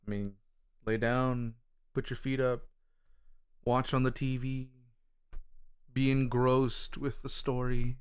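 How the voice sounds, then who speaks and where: A man's voice: medium pitch, level tone, takes it slowly, long pauses, clear, resonant tone. A man chatting casually to viewers as a gaming streamer, talkative and exclamatory, with some casual swearing. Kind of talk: casual live-stream chat.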